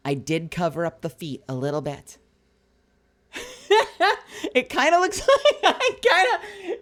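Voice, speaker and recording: Excitable woman chatting on a live stream. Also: very high voice, takes it slowly, pauses often. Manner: excitable and chatty, laughs often, swears casually. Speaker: voice actor streaming an autograph signing. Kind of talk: casual live-stream chat while signing.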